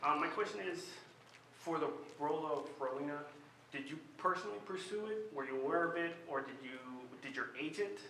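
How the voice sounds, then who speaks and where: Fan at a panel, a man, halting question, bright edgy voice, echoey hall. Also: fairly high pitch. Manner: hesitant, many fillers. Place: large convention hall. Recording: echoey hall with faint noise.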